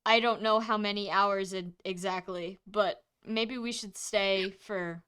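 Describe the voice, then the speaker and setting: Hesitant, halting woman voicing a male companion. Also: mid-range voice, steady tone, fairly bright tone, smooth, natural voice. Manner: halting, trailing off mid-thought.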